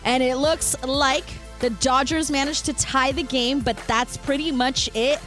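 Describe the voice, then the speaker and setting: Brisk woman reading sports updates. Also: high-pitched, steady tone, fairly bright tone, soft background music.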